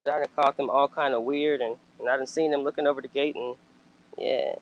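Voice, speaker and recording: A woman with an extremely low-pitched voice speaks a little fast through a muffled recording. Chatting casually as a commentator, she is blunt, emphatic and freely profane, launching animated outbursts and rhetorical questions.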